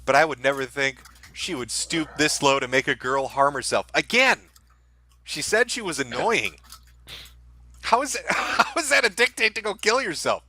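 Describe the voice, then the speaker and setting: A man's voice: on the high side, lively intonation, normal speed, bright, forceful tone. A man hosting a casual commentary show, reacting to social media posts in a sarcastic, profane, mocking way.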